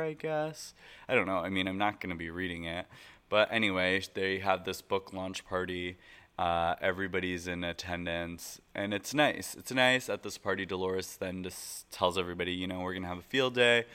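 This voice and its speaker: A man hosting a casual reality TV recap, excitable and gushing, talking loosely with lots of "like" fillers. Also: low voice.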